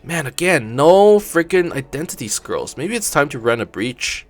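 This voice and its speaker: A man's voice: on the high side, very animated, moderate pace, faint music behind. A man hosting a gaming channel, giving laid-back commentary as he plays, thinking aloud and swearing casually.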